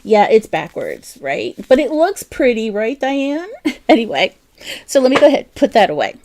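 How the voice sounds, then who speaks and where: A woman's voice: on the high side, very animated, moderate pace, a little mellow. A woman with a South Jersey accent hosting a crochet livestream, chatty and self-deprecating, laughing often and talking to her viewers by name. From New Jersey. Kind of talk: casual live-stream chat.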